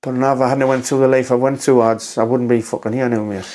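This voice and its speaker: A middle-aged man from North East England speaks as a podcast guest. He is emotional and near tears, stumbling and repeating himself. His delivery is rough and plain-spoken, with swearing. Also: mid-range voice, fairly even intonation, fast, a little mellow. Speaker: podcast guest, former doorman. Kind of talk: emotional storytelling.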